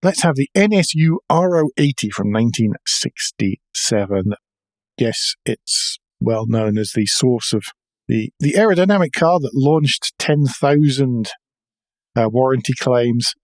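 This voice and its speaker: A man chats about cars on a podcast, often stopping and starting again mid-sentence. His pitch is middling. The recording is dry and close. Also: animated, unhurried, dry recording. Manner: chatty, hesitant with fillers and restarts. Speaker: podcast co-host. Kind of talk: casual chat.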